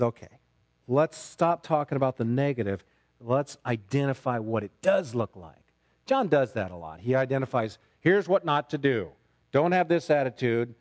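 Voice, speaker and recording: A man preaching a sermon as a pastor, emphatic, dropping low and rising to loud, intense stretches. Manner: emphatic, swings between quiet and loud.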